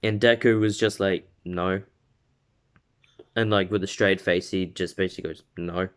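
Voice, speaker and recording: A man's voice: deep voice, fairly even intonation, fairly quick, a bit bright, smooth. A man casually retelling a fan story, rambling with fillers, stumbles and laughs.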